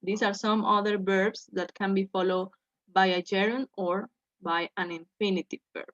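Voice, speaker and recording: A woman teaching an English grammar lesson, speaking slowly and checking in with "okay" after each point. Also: mid-range voice, steady tone, fairly bright tone, no echo. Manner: slow, repeats "okay" to check in with students. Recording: dull lo-fi sound.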